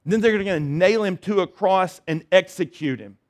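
A middle-aged man delivers a sermon, his voice sitting slightly higher than most men's. He talks earnestly and conversationally, stumbling over restarts. He rises to loud declarations and falls to quiet, low passages. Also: normal speed. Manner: earnest, conversational preaching with many restarts and swings between loud and soft. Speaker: pastor.

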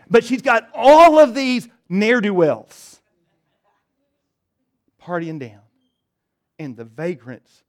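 In a slightly higher-than-average voice, a male pastor preaches a dynamic sermon that is conversational yet emphatic. He hammers some points loudly and lets others sink to a quiet, low murmur.

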